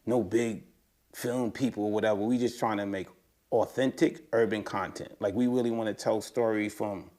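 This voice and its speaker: Male guest, loose street talk, animated storyteller, voice spikes up when excited. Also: moderate pace. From United States. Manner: animated storytelling, slangy and profane, voice rising high when excited. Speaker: interview guest. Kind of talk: casual conversation.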